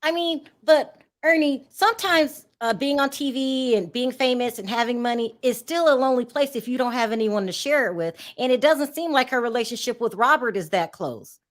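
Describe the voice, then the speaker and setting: A woman's voice: a little high, moderate pace, few pauses. A woman hosting a casual interview, prompting her guest with questions. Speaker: host.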